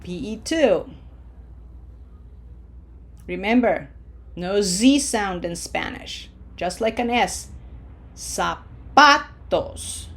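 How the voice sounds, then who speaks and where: A woman teaches Spanish word stress at a deliberately unhurried pace. She draws each example word out slowly and coaches the learner with short asides between drills. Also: mid-range voice, darkish tone. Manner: slow, drawn-out modeling of Spanish words with coaching asides. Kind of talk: language lesson.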